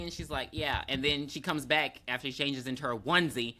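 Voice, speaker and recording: Bright animated guy on a podcast, retelling a movie plot, doing little voices for everyone. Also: medium pitch. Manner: animated storytelling, quick voices for characters, laughs often. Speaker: podcast co-host. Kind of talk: casual movie recap chat.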